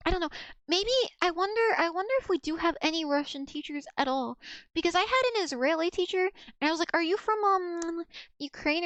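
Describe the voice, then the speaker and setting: A young American woman streams live, chatting casually in a very high voice with no echo. She rambles, restarts her thoughts, and giggles.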